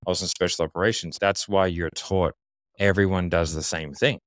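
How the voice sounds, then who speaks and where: Blunt, deep-voiced man. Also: fairly even intonation, brisk, no room sound, clean studio sound. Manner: confident, blunt, explains with examples. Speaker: podcast guest. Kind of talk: casual interview talk.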